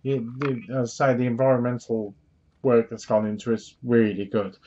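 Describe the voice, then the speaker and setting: Man, gaming channel host, casual rambling recap, lots of fillers, middle pitch, muffled lo-fi sound. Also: little pitch movement, normal speed, warm tone, slight background noise. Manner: chatty, rambling retelling with many fillers.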